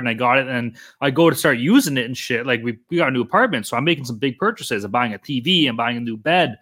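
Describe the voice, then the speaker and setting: A man hosting a casual sports betting podcast, telling animated, profane stories. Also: medium pitch, brisk. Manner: profane, animated storytelling rants. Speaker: podcast host.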